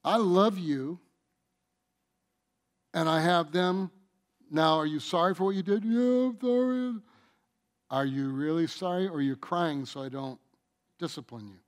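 A middle-aged man preaching a sermon, stretching out his phrases and swinging between booming emphasis and hushed asides. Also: normal speed, long pauses.

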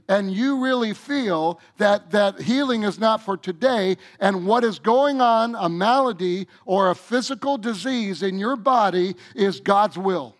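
A male pastor preaching a sermon, speaking emphatically and addressing the congregation directly. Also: high-pitched.

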